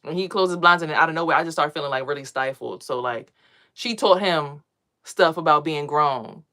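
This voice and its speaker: A woman who is a mother and spiritual vlogger talks to camera about meditation and energy in a rambling, profane, streetwise casual monologue. Her voice sits low at normal speed, bright and forceful.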